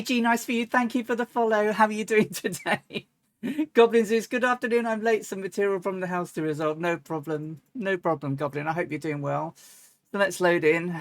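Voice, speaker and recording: A woman with a fairly low-pitched voice, recorded with no echo, chats casually on a flight simulator stream. She rambles, umming and restarting often, and now and then bursts out laughing or chanting.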